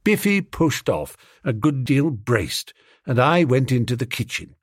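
A man narrating a comic story in first person, lively and wry. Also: medium pitch, unhurried, no room sound, clean studio sound. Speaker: audiobook narrator.

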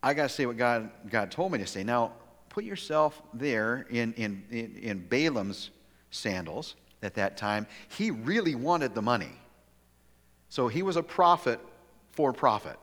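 A man's voice: medium pitch, a little slow. Pastor guy preaching, storytelling, keeps restarting bits, long echoey church reverb. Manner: animated storytelling with frequent restarts. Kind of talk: sermon. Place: church sanctuary.

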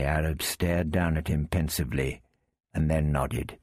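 A man narrating an adventure story with steady, tense delivery. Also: a bass voice, unhurried, no room sound, clean studio sound. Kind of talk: audiobook reading of an adventure story.

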